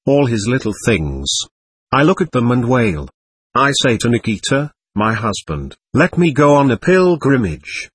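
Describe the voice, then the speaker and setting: A man voicing a thin, worn peasant mother who laments her dead son in a slow sing-song, within an audiobook reading. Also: medium pitch, slightly rough, dry recording.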